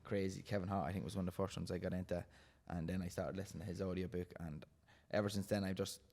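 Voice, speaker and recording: A man's voice: deep voice, level tone, fast talker, creaky, a little mellow. A man hosting a casual podcast interview, talking in a rambling, stop-start way and repeating words as he goes. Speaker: podcast host and coach.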